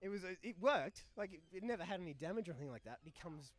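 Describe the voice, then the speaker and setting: A young man telling a tour story with swearing, acting out voices and shouting punchlines. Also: sits high, lively intonation, very fast. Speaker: touring musician guest. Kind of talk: animated storytelling. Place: live recording in a bar.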